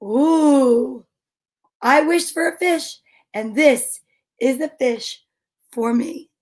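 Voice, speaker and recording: Slow, high-voiced woman reading to children. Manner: gentle and encouraging, asking the children questions and counting along. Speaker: children's story reader. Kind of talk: reading picture books aloud to children.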